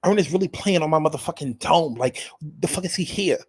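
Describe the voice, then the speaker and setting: A man's voice: on the high side, animated, brisk, a little mellow, breathy edge. A man voicing a brash, furious New York woman from a reality show, ranting with heavy profanity and street slang.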